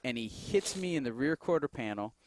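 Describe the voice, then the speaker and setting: A man co-hosting a podcast, telling a story in a loose, animated way, laughing often and acting out the lines of the people in it, recorded in a gym. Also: mid-range voice, fairly quick, no room sound. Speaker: podcast co-host. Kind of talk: casual storytelling chat. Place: MMA gym cage.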